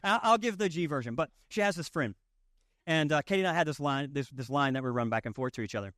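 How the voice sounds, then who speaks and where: A man's voice: fairly high pitch, lively intonation, quick pace, a bit bright, no echo, studio quality. A man with a Southern accent giving a conversational sermon as pastor, joking and repeating lines for emphasis. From Southern United States. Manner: folksy, joking, emphatic repetition.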